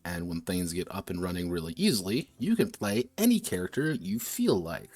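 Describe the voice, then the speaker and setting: A man's voice: low voice, sing-song, fairly quick, few pauses, a little mellow, faint music behind. A man streaming while designing a tabletop game, thinking aloud with restarts and self-corrections, a little slurred from drinking. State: tipsy from drinking.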